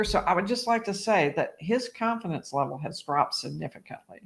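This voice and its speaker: Lawyer host on a live stream, somewhat higher-pitched man narrating transcripts with commentary. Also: expressive, moderate pace, gravelly, few pauses, a bit bright. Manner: reads out transcript quotes with asides.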